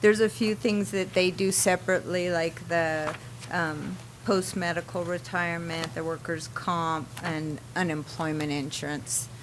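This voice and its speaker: A woman's voice: lowish voice, flat delivery, measured pace, noisy background. A woman on staff explaining a budget at a public meeting in a matter-of-fact way.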